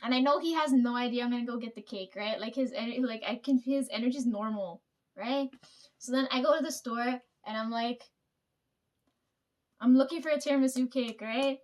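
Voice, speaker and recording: High-voiced woman in her twenties, rambling storytime. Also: fairly quick, darkish tone. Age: 20s. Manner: rambling, swears a lot, keeps asking "right?"; laughs often mid-sentence. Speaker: vlogger. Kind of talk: casual storytime.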